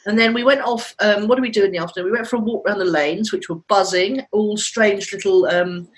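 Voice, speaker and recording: A woman in her fifties co-hosts a podcast, spinning long, chatty stories and laughing often in casual conversation. Her voice is mid-range and quick-paced, captured on a rough recording.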